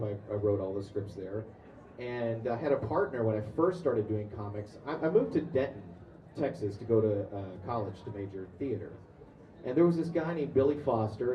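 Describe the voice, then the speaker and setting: A man's voice: lowish voice, highs cut off. A man on a convention panel casually telling stories to an audience, with frequent fillers and restarts. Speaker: convention panelist, comics artist and voice actor. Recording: echoey room, far-off mic.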